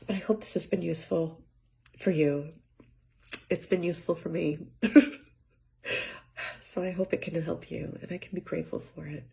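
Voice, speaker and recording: Brief: woman vlogger, low-ish voice with heavy vocal fry, soft and halting, drifts into near-whispers. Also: fairly even intonation. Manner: soft-spoken, often trailing into near-whispers; rambling, halting restarts, frequent light laughs. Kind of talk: reflective personal monologue. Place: home with cats.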